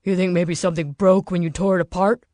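A woman voicing a gruff, impatient man in command, who swears and gives blunt orders. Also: sits high, steady tone, fast talker, a little mellow, no echo, clean studio sound, lightly acted. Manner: brusque, curses, gives orders. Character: gruff impatient male militia leader.

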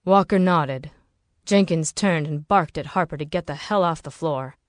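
A woman reads a novel aloud for an audiobook, following a script at a steady, measured pace. Her voice sits low, and the recording is dry and studio quality.

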